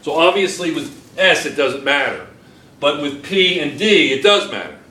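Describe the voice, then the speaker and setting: A man's voice: fairly high pitch, sing-song, normal speed, sharp tone. An older man teaching a chemistry lesson to a classroom of students, teasing them between explanations. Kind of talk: classroom lecture.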